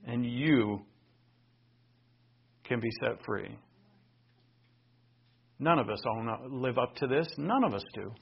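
Gravelly, husky preacher. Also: male voice, medium pitch, expressive, slow, long pauses, dull audio. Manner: earnest, conversational storytelling with personal asides. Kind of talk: sermon.

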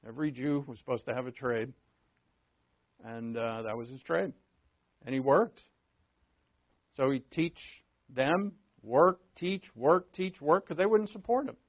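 Animated New pastor, lo-fi sermon. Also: male voice. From New England. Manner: animated and joking, with big pitch swings. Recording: dull lo-fi sermon recording.

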